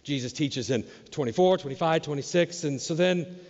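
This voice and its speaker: Man, pastor, sermon, animated, fairly high voice, long church reverb. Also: moderate pace, highs cut off. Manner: animated preacher, acts out questions in a raised voice. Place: church sanctuary.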